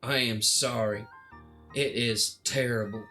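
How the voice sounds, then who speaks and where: An exasperated man rants in a casual stream, piling on dramatic complaints and tripping over restarts. His voice sits in a middle pitch, with faint music playing behind him. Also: steady tone, takes it slowly, pushed and bright. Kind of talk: casual ranting vlog.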